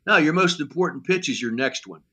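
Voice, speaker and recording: A little high and husky, this older man's voice moves fairly quickly as the former pitching coach tells blunt, salty stories in a podcast interview. He acts out each exchange animatedly, with many "you know" fillers.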